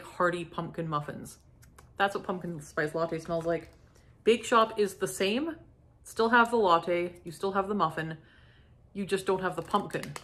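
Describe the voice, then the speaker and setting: A middle-aged woman from Canada chatting casually as she unboxes and sniffs candles, gushing softly and lingering over each scent. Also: lowish voice. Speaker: candle review vlogger. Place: home.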